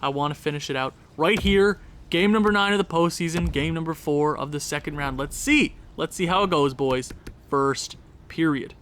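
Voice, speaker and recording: A young man casually commentating his hockey video game season, quick and excitable as he recaps scores. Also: on the high side, slight background noise. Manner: excitable, talks fast through game recaps. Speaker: gaming YouTuber.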